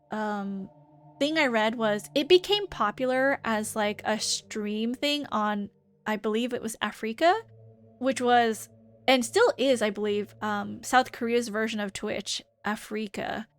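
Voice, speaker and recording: A woman's voice: fairly high pitch, a little slow. A woman streamer with a light New Zealand tinge to her American speech, chatting casually and rambling with many fillers while reading and answering chat. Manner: rambling, lots of "like" and "um".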